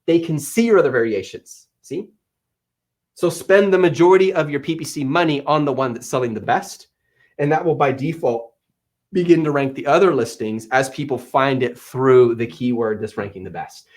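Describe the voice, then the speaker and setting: A man in his thirties hosting a live-stream Q&A from an office, answering chat questions on selling with energetic, playful teasing. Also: medium pitch, normal speed. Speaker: livestream host and Amazon seller coach.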